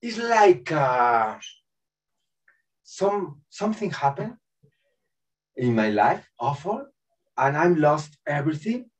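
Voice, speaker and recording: A man's voice: a little high, very animated, slow pace, long pauses. A man in his forties gives a personal spiritual talk in broken English. He acts out voices and laughs often. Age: 40s. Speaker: speaker at a spiritual festival. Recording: dull distant recording.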